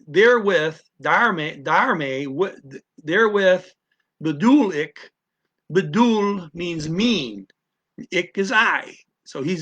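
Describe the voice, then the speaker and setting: Slow, halting man explaining words. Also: on the high side, fairly bright tone. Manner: slow, halting, many fillers, repeats words aloud. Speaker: language teacher. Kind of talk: casual explanatory lesson.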